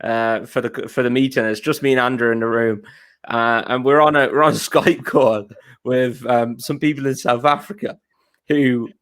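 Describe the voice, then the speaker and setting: A man's voice: mid-range voice, steady tone, normal speed, a bit bright. A man co-hosting a casual podcast, chatty and often laughing as he tells a story. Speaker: podcast co-host.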